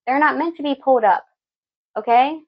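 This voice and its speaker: Blunt, swearing woman with a gravelly voice. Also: sits high, moderate pace, lo-fi sound. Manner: blunt, profane, preachy, repeats "okay?". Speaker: tarot reader. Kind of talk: live tarot reading talk.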